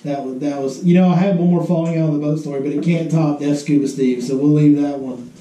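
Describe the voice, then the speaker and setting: A man tells fishing stories in a folksy, easygoing way and talks straight to the folks at home. His voice is dark and mellow and a little raised in pitch for a man. He sits back from the mic in an echoey room. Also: fairly even intonation, quick pace, distant mic. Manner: folksy storytelling, drawling asides to listeners. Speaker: podcast co-host. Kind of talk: casual chat.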